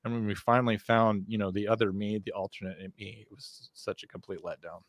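A man's voice: fairly low pitch, brisk, dry recording. Man with dry close sound telling stories. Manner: rambling, animated anecdote-teller with profanity. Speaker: podcast guest. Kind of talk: casual podcast storytelling.

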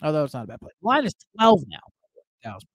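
Male host, high and lively voice, profane comic rant, dry studio mic. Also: quick pace, gravelly, no echo, poor audio. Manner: profane, animated, mimics family members. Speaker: sports betting show host. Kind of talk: comedic live-stream rant.

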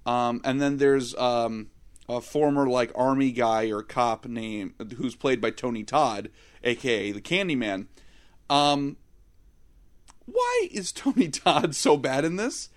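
A man's voice: mid-range voice, animated, takes it slowly. A man co-hosting a casual film-review podcast, leading the talk with crude, irreverent jokes. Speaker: podcast co-host.

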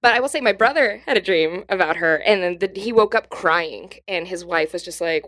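A woman comedian on a podcast, telling family stories in a casual, animated way and acting out the voices of the people in them. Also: lowish voice, brisk, hardly any pauses. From New Mexico, US. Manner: animated, acts out quoted voices. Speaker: comedian guest.

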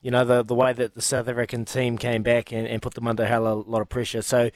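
A man's voice: medium pitch, completely flat delivery, fast talker, dry recording. A man from New Zealand with a New Zealand accent, a former rugby player chatting casually as a radio guest, enthusiastic and often restarting his sentences. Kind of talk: casual sports radio chat.

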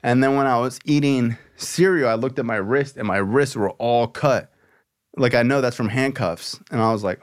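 A man hosting a podcast, recounting a story in a loose, rambling way. He swears freely and fills his sentences with "like". His voice sits at a middle pitch. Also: fairly quick. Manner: loose, expletive-laced storytelling full of "like". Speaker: podcast host. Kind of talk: casual storytelling chat.

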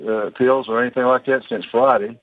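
An older man, calling in to a radio show, cheerful and earnest with halting speech. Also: mid-range voice, fairly even intonation. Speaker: caller. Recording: tinny phone line.

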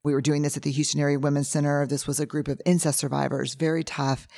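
A woman's voice: sits low, level tone, fast, gravelly, warm tone, no echo, clean studio sound. A woman hosting a podcast, earnestly recounting a story in a casual, candid way. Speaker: podcast host.

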